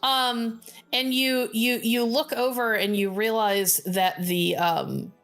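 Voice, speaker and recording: A woman's voice: on the high side, fairly even intonation, takes it slowly, a bit bright. A woman narrating a tabletop role-playing game as game master, describing scenes with many fillers.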